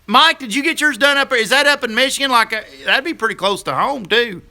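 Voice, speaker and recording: Host, middle-aged man, high and piercingly bright voice, folksy live-stream banter. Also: quick pace. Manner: folksy, chatty, laughs easily. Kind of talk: casual live stream chat with viewers.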